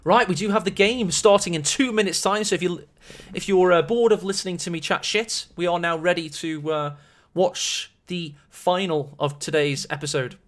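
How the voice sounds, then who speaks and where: Guy casting a game match live, kinda high voice, rambly and jokey about himself. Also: normal speed, hardly any pauses, fairly bright tone. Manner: chatty, rambling and self-mocking. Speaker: esports caster. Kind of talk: live-stream game commentary.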